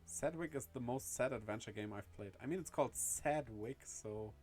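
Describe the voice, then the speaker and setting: A man's voice: mid-range voice, normal speed, a little mellow, soft background music. A man streaming a video game, chatting casually and correcting himself as he goes. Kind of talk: casual let's-play chat.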